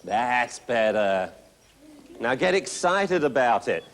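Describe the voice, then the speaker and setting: A man's voice: mid-range voice, big pitch swings, takes it slowly. A man teaching a puppy training class, upbeat and coaxing, cheering the owners on. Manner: upbeat, coaxing, full of encouragement.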